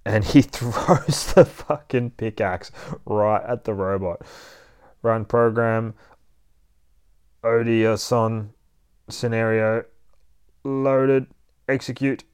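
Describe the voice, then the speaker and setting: A man's voice: lowish voice, no room sound, clean studio sound. A man hosting a comic book podcast, recapping a comic in a casual, profane, chatty way and adding his own sound effects. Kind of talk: casual comic read-through.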